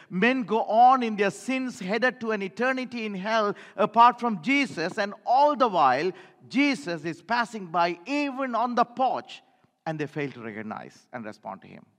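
Guy preaching, high voice, lots of repeating lines back at the church, big hall echo. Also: sing-song, normal speed, a bit bright. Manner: emphatic, repeats phrases for the congregation. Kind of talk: sermon.

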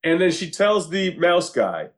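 A man with a high voice chats casually at a measured pace while recapping a TV show. He's animated, acting out quotes, swearing freely, and laughing often.

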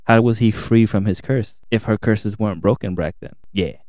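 A man's voice: lowish voice, normal speed, darkish tone, no echo, studio quality. A man co-hosting a podcast in casual chat, ranting animatedly and swearing freely. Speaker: podcast co-host. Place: home podcast setup.

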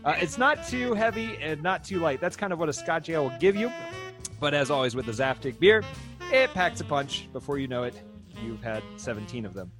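A man's voice: fairly high pitch, animated, a little fast, music in the background. A man hosting a podcast from home in casual chat, upbeat and joking, laughing often. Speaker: podcast host. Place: home, indoors.

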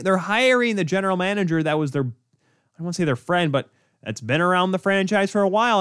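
A young man hosting a solo sports podcast, ranting in exasperation with lots of rhetorical questions. His voice is fairly high and swings widely in pitch. He is on a close, dry mic. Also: fairly bright tone, dry recording. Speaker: podcast host.

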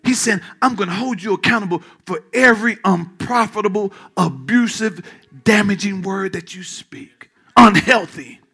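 Preaching pastor, bright and swinging loud to hushed. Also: male voice, high-pitched, moderate pace, gravelly, slightly rough. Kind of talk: sermon. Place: church.

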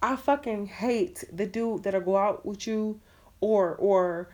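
Blunt, fast-ranting woman co-host. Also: mid-range voice, a little mellow. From Puerto Rican side. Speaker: podcast co-host. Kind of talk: casual chat.

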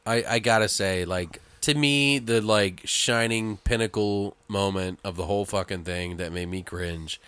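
A man in casual podcast chat reviewing a film, animated and swearing freely. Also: fairly low pitch, a little slow, hardly any pauses, smooth, no echo.

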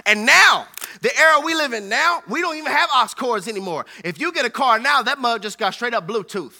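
A man's voice: very high-pitched, lively intonation, fairly quick, gravelly, sharp tone. A man preaching a playful, joking sermon who calls out to his congregation. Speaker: pastor.

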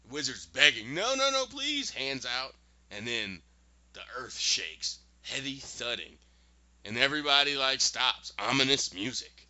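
A man hosting a podcast, recapping an episode in a casual, animated storytelling way with quick asides. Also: mid-range voice, no echo, dull audio.

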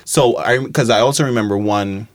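A young man from Trinidad reflects aloud in a roundtable conversation. His voice sits low and close, with a dry sound, and he often restarts a phrase before finding it. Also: brisk, dry recording. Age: young adult. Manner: thoughtful, restarts phrases, many "like" fillers. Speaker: alumnus guest.

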